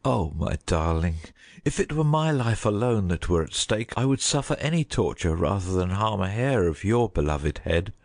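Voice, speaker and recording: A man's voice: on the low side, sing-song, moderate pace, darkish tone. A man voicing a loyal, anguished huntsman in a dramatized audiobook, emotional and torn.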